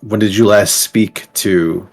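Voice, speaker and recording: A man's voice: on the low side, fairly even intonation, takes it slowly, faint music behind. A man playing in a tabletop game, chatting casually and asking careful questions. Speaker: player. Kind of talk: tabletop role-play.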